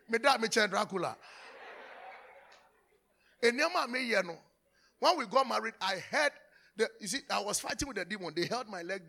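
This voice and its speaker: Animated high-voiced pastor preaching. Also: male voice, vocal fry. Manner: animated, switching between teaching and acted-out anecdotes, laughing often. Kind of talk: sermon.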